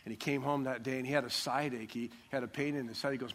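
A man's voice: medium pitch, fairly even intonation, quick pace, a bit bright. An older man preaching a sermon as pastor, emphatic and joking, stressing key words.

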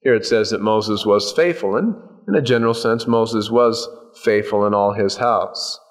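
A man's voice: fairly low pitch, normal speed. A male pastor preaching a sermon in a conversational way, with folksy asides and touches of humor.

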